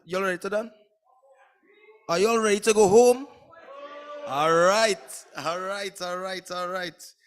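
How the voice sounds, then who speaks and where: A man's voice: a little high, fairly bright tone. A man hosting a poetry slam and hyping up the audience energetically. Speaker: event host.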